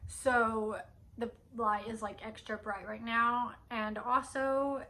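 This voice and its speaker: A woman's voice: fairly high pitch, flat delivery, takes it slowly, pushed and bright. A young woman chatting casually in a home vlog at night, rambling with lots of fillers. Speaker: vlogger. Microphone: camera on a stand.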